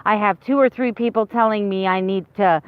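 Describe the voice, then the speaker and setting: In a rambling, candid vlog, a woman in her fifties talks straight to her viewers and restarts her thoughts again and again. She speaks briskly at medium pitch with a clean tone, and the dry recording sounds narrow and tinny.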